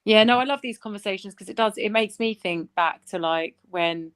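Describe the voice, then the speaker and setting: A woman's voice: mid-range voice, moderate pace, smooth. A woman co-hosting a casual podcast, speaking in an earnest, reflective way.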